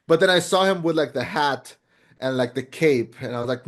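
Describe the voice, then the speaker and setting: A man co-hosting a podcast, chatting casually about a film, animated and rambling with lots of restarts and fillers. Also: fairly high pitch, quick pace. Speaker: podcast co-host. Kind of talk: casual film review chat.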